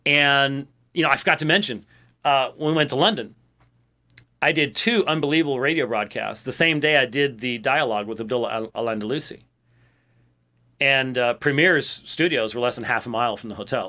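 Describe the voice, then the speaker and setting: With a bright, forceful, mid-range voice, the American host of a ministry show talks casually to his audience. He rambles, often restarting sentences and leaning on fillers.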